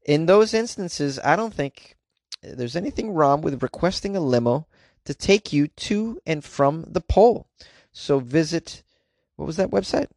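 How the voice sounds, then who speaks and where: Joking and chatting loosely on his solo podcast, the host uses plenty of fillers and restarts his sentences often. His fairly high voice has lively intonation, an unhurried pace and a darkish tone, captured in a dry, clean studio recording.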